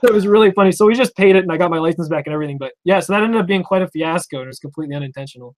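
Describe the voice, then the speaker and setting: A young man from Vermont talking fast as he tells his stories, his voice sitting a touch high. He rambles and slips into the voices of the officers he quotes. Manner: rambling, animated, acts out quoted cops. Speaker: interview guest. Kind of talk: casual storytelling.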